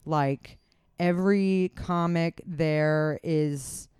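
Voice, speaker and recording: Comedian rambling on a podcast, swears a lot, smooth clear voice, dry close mic. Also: medium pitch, steady tone, extremely slow, darkish tone, dry recording. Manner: chatty, rambling, swears freely. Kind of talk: casual chat.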